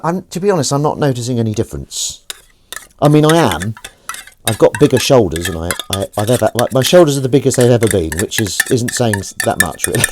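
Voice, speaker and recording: A man talks casually in his kitchen while washing up, wandering off topic and poking fun at himself. His pitch swings up and down freely as he chats and coos at a cat. The faint clatter of dishes and cutlery sits behind him. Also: background noise. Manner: rambling, self-mocking, coos at his cat. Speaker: live streamer. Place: home kitchen. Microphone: desk microphone.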